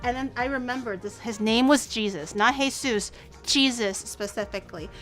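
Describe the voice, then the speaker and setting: A woman hosting a casual chat stream, telling stories in an animated, rambling way. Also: fairly high pitch, brisk, soft background music. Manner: chatty, animated storytelling with restarts. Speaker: streamer host.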